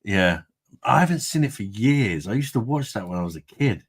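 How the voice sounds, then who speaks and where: A man's voice: fairly low pitch, very animated, moderate pace, husky. A man hosting a casual livestream, reading out viewer comments, jokey and rambling, tipsy from beer and laughing often. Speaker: livestream host.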